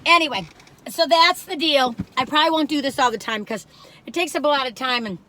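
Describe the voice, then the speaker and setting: A woman's voice: high-pitched, a little fast, pushed and bright, slight background noise. An older woman, chatting casually and rambling off on tangents while reviewing cookies on her vlog. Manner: rambling, chatty, easily sidetracked. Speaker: food vlogger.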